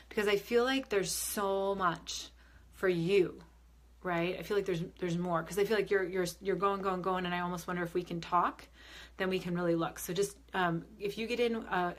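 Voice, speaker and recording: A woman's voice: lowish voice, a bit bright. A young adult woman medium hosting a live stream, talking to viewers through a phone or webcam. She is upbeat and chatty, reads comments aloud and answers them, with plenty of fillers and restarts. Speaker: medium and spiritual advisor. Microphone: phone or webcam on a live video stream.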